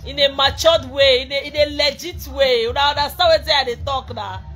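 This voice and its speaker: A young Nigerian woman chatting excitedly to fans on a live video, slipping between English and Pidgin and bursting into shouts and laughter. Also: high voice, a little fast, soft background music. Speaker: social media personality.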